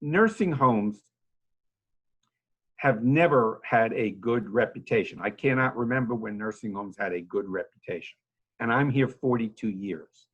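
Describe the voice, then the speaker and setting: Earnest husky older man, halting speech. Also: lowish voice, lo-fi sound. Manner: earnest, halting, with many fillers and restarts. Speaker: nursing home agency head speaking to a club. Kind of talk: informal talk to a civic club.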